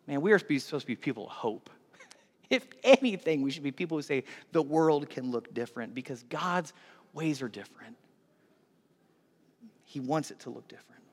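Animated high-voiced male pastor, hall reverb. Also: moderate pace, pauses often, breathy edge. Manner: animated, swings from hushed to loud. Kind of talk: sermon.

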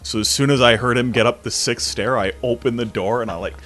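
A young storyteller with a medium-pitched voice speaks a little fast, spinning casual anecdotes and animatedly imitating the voices of those in them. Soft background music accompanies him.

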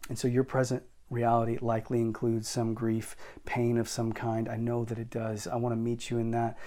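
A male pastor preaching a sermon, emphatic and shifting between intense and quiet delivery. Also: medium pitch, monotone, moderate pace.

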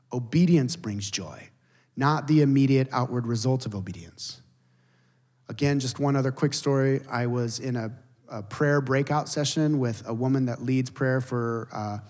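A man preaching a sermon as a pastor, telling stories with animated emphasis and dropping to hushed, intense moments. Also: medium pitch. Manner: animated storytelling, shifts between loud emphasis and hushed intensity. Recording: long reverb of a large hall.

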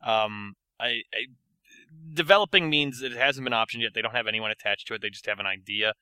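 Brief: male co-host, bright crisp voice, dry close mic. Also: mid-range voice, brisk, dry recording. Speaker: podcast co-host. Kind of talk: casual chat.

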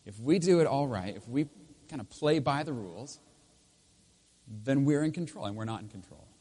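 A man preaching a sermon as pastor in a church, swinging between loud emphatic lines and quiet intense ones. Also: medium pitch, animated, moderate pace, husky. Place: church with speakers.

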